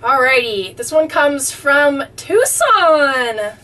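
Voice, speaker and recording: A woman's voice: sits high, animated, slow, pushed and bright, distant mic. A woman vlogger reading fan mail aloud in a casual, effusive way, easily touched and often exclaiming. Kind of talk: casual chat.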